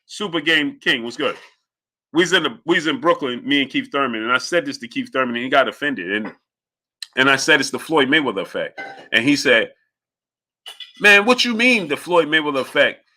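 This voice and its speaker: Bright, forceful male boxing show host. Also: mid-range voice, fairly quick. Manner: emphatic, repeats points, greets chat viewers by name. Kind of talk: live-stream sports commentary.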